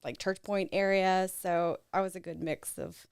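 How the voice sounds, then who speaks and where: A woman, speaking as a guest in a soft-spoken, hesitant way that often trails off. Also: lowish voice, fairly even intonation, moderate pace, clean tone, no room sound, studio quality. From South Louisiana, USA. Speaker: guest, business owner. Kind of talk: casual interview chat.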